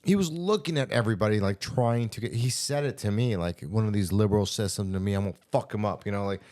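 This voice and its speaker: Male podcast host, casual storytelling chat, animated and profane. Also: fairly low pitch, quick pace. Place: studio.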